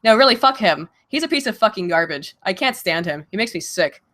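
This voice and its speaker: Brief: lively, blunt woman streamer, swears freely, laughs a lot, casual Q&A at home on a desk mic. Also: medium pitch, brisk. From Virginia and Baltimore. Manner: blunt, profane, laughing often. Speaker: streamer answering viewer questions. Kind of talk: casual livestream Q&A.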